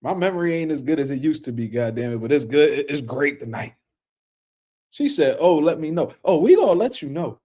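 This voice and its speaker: A man's voice: on the high side, very animated, brisk, dark tone. A man hosting a casual boxing livestream, talking loosely in slang and speaking to viewers in the chat.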